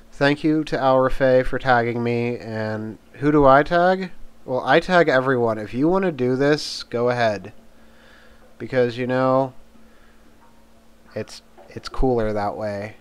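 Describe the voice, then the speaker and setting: A man's voice: mid-range voice, a little slow, clear, resonant tone. A young man from Pennsylvania's Mon Valley chatting casually in a tag video, rambling and swearing offhandedly. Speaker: vlogger.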